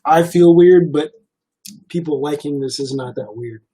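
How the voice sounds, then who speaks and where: A young man chats on his livestream in a relaxed, rambling way, filling his pauses with ums and likes. His voice sits a little high for a man, with a mellow, soft tone. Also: breathy edge. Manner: relaxed, rambling, many fillers. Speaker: livestream host. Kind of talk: casual livestream chat.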